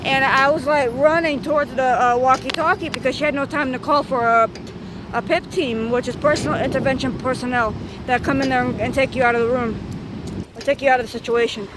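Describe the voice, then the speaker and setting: A high-pitched woman in her thirties rambles through a profane, repetitive storytime. She is outdoors on a bike, and loud street traffic runs under her voice. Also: fairly even intonation, brisk. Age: 30s. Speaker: vlogger. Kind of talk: storytime vlog.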